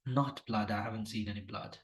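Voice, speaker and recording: A man's voice: lowish voice, fairly even intonation, brisk, creaky, voice pushed down, rough recording. A man role-playing an adult male patient who is agitated and keeps insisting that he go home.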